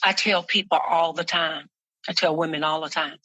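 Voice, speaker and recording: A woman with a lowish voice tells her story as a podcast guest, slow and earnest, circling back over her words. The sound is dry and close, with no room around it. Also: fairly even intonation, pushed and bright, no room sound. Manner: earnest, slow and reflective, repeats words as she speaks. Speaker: guest, minister and activist. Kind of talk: personal testimony in a podcast interview.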